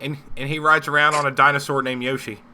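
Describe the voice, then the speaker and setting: A man's voice: mid-range voice, flat delivery, fast, bright, forceful tone, slight background noise. A man reacting eagerly and laughing along in casual live-stream banter. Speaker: co-host.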